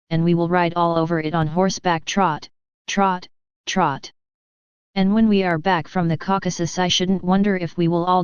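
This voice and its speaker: A woman's voice: on the low side, clean tone, no room sound, natural voice. A woman reading the lines of a cheerful, affectionate elderly male postmaster in an audiobook, with a hearty, coaxing manner. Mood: jolly. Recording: dull lo-fi.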